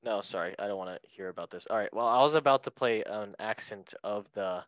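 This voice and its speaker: A man's voice: on the low side, a little fast, a bit bright, no room sound. A man hosting a casual football podcast, joking and asking each guest for a word in turn. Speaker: podcast host. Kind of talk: casual chat.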